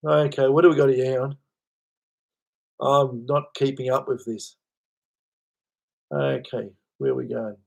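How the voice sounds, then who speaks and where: A man's voice: medium pitch, fairly even intonation, unhurried, vocal fry, pauses often, lo-fi sound. A man hosting a casual livestream, rambling, chuckling and answering chat comments. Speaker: livestream host.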